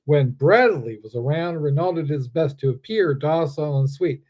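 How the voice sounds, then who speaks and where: A man who is the author reads his own story aloud in a steady, deliberate voice. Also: on the high side.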